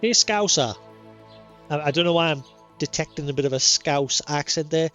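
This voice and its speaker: A man's voice: on the high side, normal speed, fairly bright tone, smooth, highs cut off, faint music behind. A man giving rambling, chatty commentary while streaming a game live. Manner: chatty, rambling, laughs easily.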